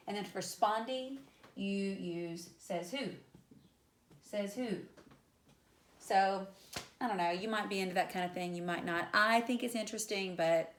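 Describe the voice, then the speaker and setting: A woman's voice: mid-range voice, a bit bright, a little hiss or hum. A woman English teacher giving a conversational lecture, repeating example words aloud and using casual fillers. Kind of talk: classroom lecture at a whiteboard. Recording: echoey room.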